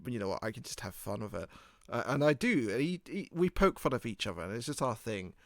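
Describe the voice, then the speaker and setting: A man's voice: medium pitch, animated, fast talker, dry recording, studio quality. A man hosting a podcast in a casual rambling monologue. He jokes, swears freely and laughs at his own jokes. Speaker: podcast host.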